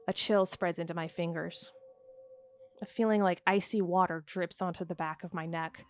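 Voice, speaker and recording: A woman hosting a let's play, reading a text game aloud in a calm, measured way and breaking off to chat hesitantly about it. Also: fairly low pitch. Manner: calm, measured narration, with hesitant, searching commentary.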